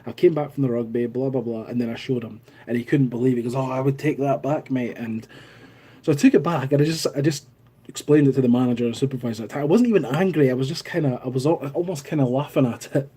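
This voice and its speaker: A man's voice: medium pitch, fast talker, dark tone, slightly rough. Chatty Scottish man on a live stream. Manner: chatty storytelling, laughs at own anecdote. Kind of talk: casual live-stream chat reading comments.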